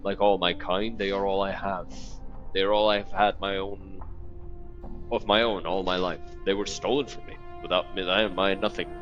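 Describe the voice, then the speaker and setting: A forlorn, lost stranger with no name, read by a man in a low, solemn, plaintive tone. It sounds like game dialogue read aloud on a stream, with a dull, lo-fi sound and faint music behind. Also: little pitch movement, moderate pace, fairly bright tone.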